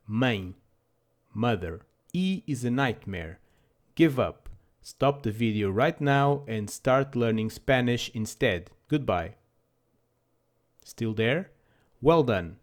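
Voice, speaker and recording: A man's voice: medium pitch, animated, slow pace. A man narrating a scripted language lesson with dry, self-deprecating humor. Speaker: language teacher.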